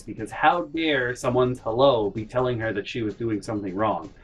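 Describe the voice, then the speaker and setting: A man telling a funny story in a casual vlog, animated and sarcastic. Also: mid-range voice. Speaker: YouTuber. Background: faint background music.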